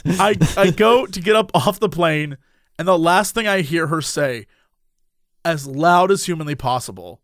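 A man's voice: high-pitched, unhurried, no room sound, studio quality. A man animatedly telling a funny anecdote, acting out the people in it. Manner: lively, acts out the people in his story. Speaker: storyteller on a podcast.

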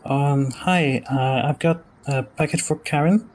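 A man's voice: mid-range voice, unhurried, a little mellow, slight background noise. A man playing a tabletop game in character as a courier, speaking hesitantly and stumbling over his words. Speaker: player.

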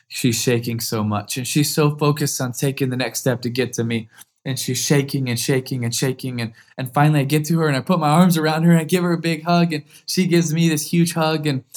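This man in his thirties used to play quarterback, and his voice sits at a medium pitch. Appearing as an interview guest, he recounts a moving story from his own life, growing livelier as it goes on.

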